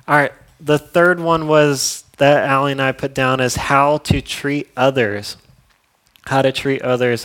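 A young man preaching a casual, conversational sermon, upbeat and then dropping to a soft prayerful tone. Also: medium pitch. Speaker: pastor.

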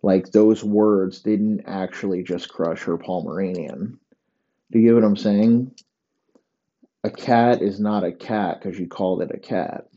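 Low, dark-voiced man ranting profanely. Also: fairly even intonation, a little slow, highs cut off. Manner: rambling, profane, provocative. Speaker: podcast host. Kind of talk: solo comedic rant.

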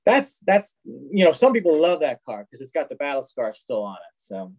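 A man with a fairly high voice, wide pitch swings, normal pace and a slightly mellow tone comes through on poor-quality audio. He's an interview guest who collects race cars, casually rambling through anecdotes about them, restarting often and acting out quotes.

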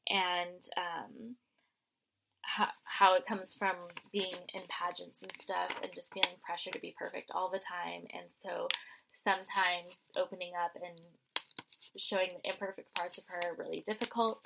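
A woman's voice: fairly low pitch, vocal fry, noisy background. A woman chatting casually as co-host, recapping and mocking a reality show, acting out quotes with sarcasm. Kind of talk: casual chat.

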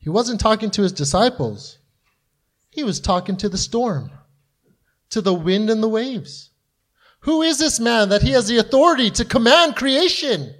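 A man's voice: extremely high pitch, fairly bright tone. A man preaching a sermon, earnest, acting out the voices in the stories he tells. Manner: earnest, acts out quoted voices with rising intensity.

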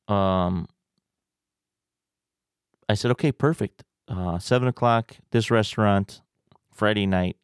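A man's voice: low voice, creaky, a little mellow, no room sound, clean studio sound. A man casually telling a rambling, profane personal story on a podcast, often tagging his lines with questions. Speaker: podcast host.

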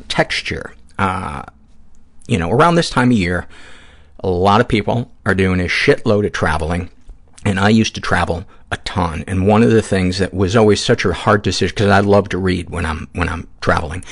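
Gravelly low-voiced male podcast host. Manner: relaxed, many "uh" fillers. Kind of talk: casual interview and ad read.

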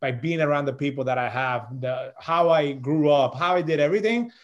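A middle-aged man, a podcast guest and chef, telling a story in a loose, animated way and peppering his talk with "bro" and "man". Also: fairly high pitch, a little fast, dull audio. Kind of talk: casual storytelling chat.

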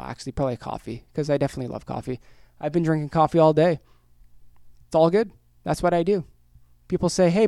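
A man from Canada hosting a casual solo podcast, energetic and rambling with jokes, his voice worn hoarse. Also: fairly high pitch, no echo, clean studio sound. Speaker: podcast host.

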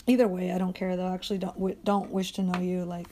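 A woman's voice: fairly low pitch, flat delivery, fast, dark tone, a little hiss or hum. A young adult woman talking alone on her podcast in a casual, rambling way, blunt and full of swearing and fillers like "like".

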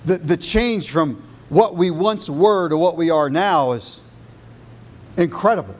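A man preaching a sermon as pastor, building on repeated phrases and dropping low and soft for emphasis. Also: expressive, a little slow.

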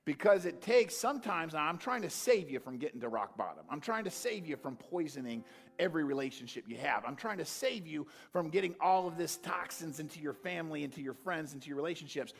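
A man preaching a sermon, animated, swinging from loud calls to quiet, earnest talk. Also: on the high side, fairly quick, creaky. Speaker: pastor.

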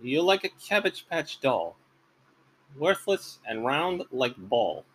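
A man voicing a gloating tough-guy male strongman who speaks in slow, broken English. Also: medium pitch, very animated, fairly bright tone, slightly rough, voice pushed up, exaggerated voice, low-quality recording.

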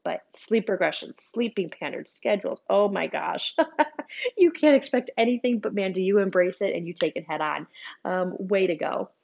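A woman's voice: medium pitch, expressive, moderate pace, vocal fry, a little mellow. A woman, talking casually as a parent giving advice and often repeating and restarting her phrases. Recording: dull lo-fi recording.

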